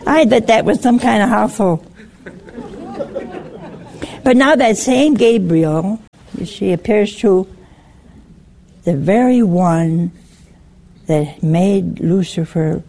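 A woman's voice: mid-range voice, lively intonation, extremely slow, long pauses, a little mellow, a faint crowd. A woman preacher giving a sermon to a live audience, talking in a humorous, teasing, conversational way.

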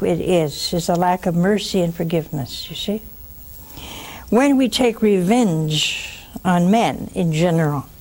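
An older woman hosting a religious call-in show, preaching emphatically, mocking at times and dropping to a hush. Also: lowish voice. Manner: emphatic, scolding, mocking then hushed.

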